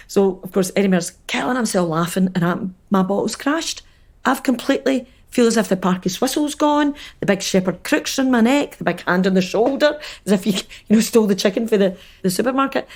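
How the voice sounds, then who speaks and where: Scottish woman podcast co-host, lively storyteller, mid voice. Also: medium pitch, fast. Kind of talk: casual chat.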